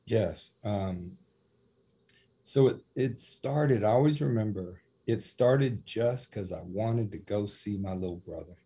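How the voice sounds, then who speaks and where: Animated man telling stories, dark husky voice. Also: on the low side, slow. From USA. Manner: animated storyteller, acts out quotes with laughs. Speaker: prison minister. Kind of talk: storytelling in a podcast interview.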